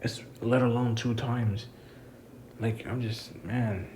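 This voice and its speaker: A man's voice: medium pitch, flat delivery, takes it slowly, noisy background. A man giving a casual, rambling wrestling review, frustrated and swearing freely. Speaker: wrestling commentator vlogger.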